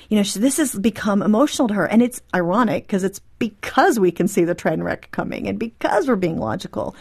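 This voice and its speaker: An animated woman talking as a guest in an interview, her voice sitting at an ordinary middle pitch. She explains her points readily and slips into acting out brief quoted conversations as she goes. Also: a little fast, vocal fry, hardly any pauses, husky. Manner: animated, acts out quoted dialogue. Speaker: guest author.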